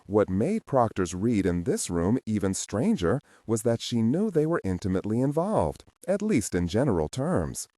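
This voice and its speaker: A man narrating a spy thriller audiobook in a measured storytelling manner. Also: lowish voice, big pitch swings, dark tone, dry recording, clean studio sound. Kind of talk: scripted narration.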